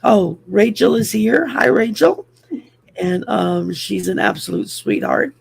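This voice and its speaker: An older woman with a French accent hosts a casual livestream, rambling through greetings with plenty of ums and self-teasing. Her voice is deeply gravelly with heavy vocal fry and a raspy, husky edge. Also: lively intonation, takes it slowly. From France. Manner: rambling, chatty, many ums, laughs at herself. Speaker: host.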